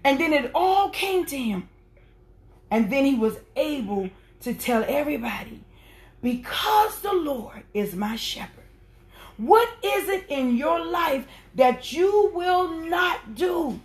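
A woman preaching a sermon, swinging from soft, quiet lines to impassioned shouting. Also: high-pitched, expressive, slow pace.

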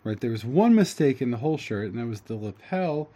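A man teaching, reading a story aloud and translating it line by line, halting often with fillers and restarts. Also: medium pitch, lively intonation, warm tone. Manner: halting, with fillers and self-corrections.

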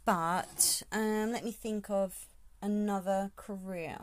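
A woman's voice: mid-range voice, steady tone, takes it slowly. A woman hosting her podcast in a casual, rambling solo talk, thinking aloud as she goes. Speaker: podcast host.

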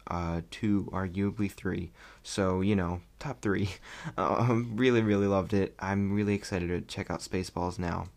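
Low gravelly young man rambling excitedly. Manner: rambling and excitable, laughing often. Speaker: vlogger reviewing a movie. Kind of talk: casual chat.

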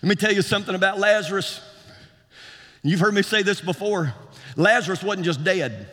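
A man preaching a sermon in a rhythmic style that climbs to shouts and repeats words for emphasis. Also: high-pitched, normal speed. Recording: long hall reverb.

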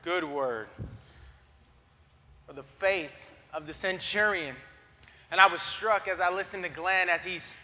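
A man's voice: high-pitched, measured pace, long pauses, pushed and bright. A man affirming the previous speaker's message and reflecting on it in a church service. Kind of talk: sermon. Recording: reverberant hall, a bit off-mic.

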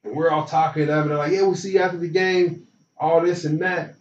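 An animated young man who tells stories from his small-town youth, switching into the voices of the people he describes. He sounds a bit distant from the mic in a roomy space, with a dull, muffled tone and faint noise behind him. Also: a little high, fast. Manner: animated, acts out voices in anecdotes. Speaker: interview guest. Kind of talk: casual storytelling. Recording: roomy, dull and slightly noisy.

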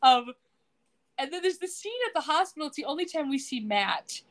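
Pitched high and animated, she talks a little fast. As a podcast co-host recapping a TV episode, she keeps it casual, laughs often, and retells scenes by quoting the characters.

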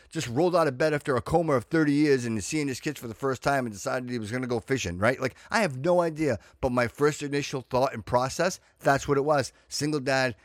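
A man's voice: mid-range voice, dry recording, studio quality. A middle-aged man hosting a podcast, ranting in a casual monologue and repeating himself as he gets fired up. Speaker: podcast host.

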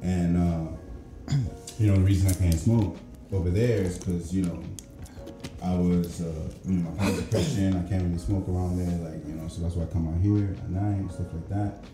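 A man's voice: low-pitched, fairly even intonation, fairly quick. A man telling a casual story, laughing often and acting out the lines of the people in it. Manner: laughs through stories, acts out cops' lines. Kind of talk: casual chat. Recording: echoey room with music behind.

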